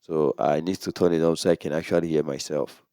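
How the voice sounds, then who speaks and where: A man's voice: rumbling low, fairly quick, dry recording, studio quality. A man hosting a casual how-to video, explaining equipment step by step and speaking into a condenser microphone. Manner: relaxed, explains step by step with many "so"s. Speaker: tech tutorial host. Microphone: condenser microphone through a sound card.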